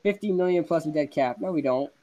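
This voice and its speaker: A young man with a high voice hosts a casual sports podcast. He rants about football with excitable energy and laughs often. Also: fast talker, highs cut off. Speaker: podcast host.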